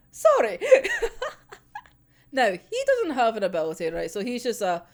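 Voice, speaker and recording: A woman's voice: fairly high pitch, huge pitch swings, unhurried, darkish tone. A young woman casually talking through a manga chapter, giggling often and swearing freely as she gushes. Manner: giggly, swears a lot, gushing. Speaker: manga reaction channel host.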